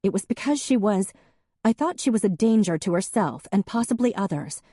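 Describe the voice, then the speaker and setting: A woman's voice: medium pitch, lively intonation, a little fast, dark tone, breathy edge, no room sound, studio quality, pitched above the performer's own voice. A woman voicing a young policewoman who gets flustered and stutters. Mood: defensive. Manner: stutters when upset.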